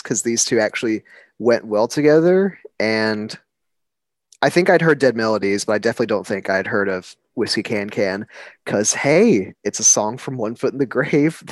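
A man co-hosts a podcast in easygoing chat. He jokes at his own expense, laughs often and swears offhand. His voice sits at a middle pitch in a dry, close recording. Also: no echo. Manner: joking, laughs a lot, swears casually. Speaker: podcast co-host. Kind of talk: casual chat.

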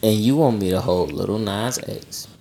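A man's voice: fairly low pitch, unhurried, vocal fry, echoey room, a crowd in the background. A man co-hosting a casual podcast chat, teasing and pressing the others with questions. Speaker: podcast co-host.

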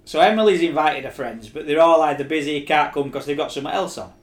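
A man's voice: on the high side, quick pace. A man, co-hosting a casual chat and giving wry, opinionated takes. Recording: echoey room.

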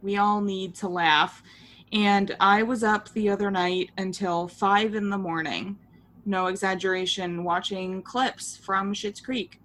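A woman's voice: mid-range voice, fairly even intonation, measured pace, a bit bright. A woman co-hosting a podcast in casual chat, laughing hard and swearing freely as she retells favorite scenes. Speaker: podcast co-host.

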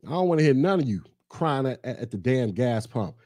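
A man's voice: medium pitch, sing-song, a little fast, mellow, dry recording, studio quality. A man from the United States hosting a podcast, ranting angrily about politics, heated and profane, mocking his listeners and repeating phrases for emphasis. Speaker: podcast host. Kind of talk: angry political rant.

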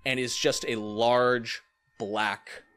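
A man's voice: medium pitch, little pitch movement, extremely slow, a bit bright. A man running a tabletop game as game master, narrating scenes vividly and with suspense. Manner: vivid, suspenseful description with playful asides.

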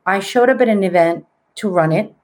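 A woman in her late forties, a psychic medium, telling her story in a casual, animated way and mixing in Spanish words. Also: mid-range voice, fairly quick. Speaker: podcast guest, psychic medium.

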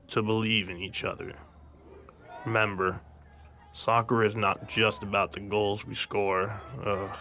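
Give me a man doing an earnest soccer coach, unhurried and a bit lower-pitched. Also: bright, forceful tone, slight background noise, exaggerated voice. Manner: slow, earnest pep talk with pauses. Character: inspiring male soccer coach rallying his team. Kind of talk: audio drama monologue.

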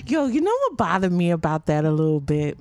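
A woman co-hosting a podcast in casual chat, animated and laughing often, swearing freely. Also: lowish voice, fairly quick, no room sound. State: menstrual cramps. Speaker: podcast co-host.

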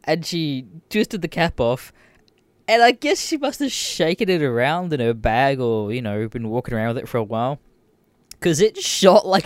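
A man's voice: medium pitch, a little slow, clean tone, no echo. A young Australian man hosting a podcast, ranting casually, swearing a lot and laughing often. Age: young adult. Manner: profane, animated, laughs often. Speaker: podcast host. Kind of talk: casual rant.

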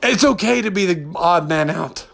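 A man hosting his own podcast delivers an unscripted personal monologue, rambling, upset and constantly restarting his sentences. His voice is high-pitched and animated with vocal fry and a fairly bright tone, at a moderate pace.

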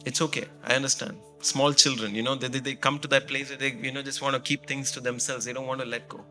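Middle-aged man, pastor; bright tone; sermon with casual storytelling, faint music underneath. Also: medium pitch, quick pace. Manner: animated storytelling, frequent "you know" fillers.

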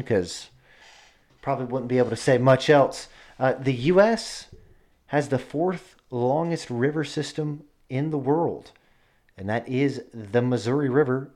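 A man co-hosting a casual podcast. He rambles and jokes, and his talk is sprinkled with profanity. His voice sits in an ordinary middle pitch for a man. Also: a little mellow. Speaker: podcast co-host.

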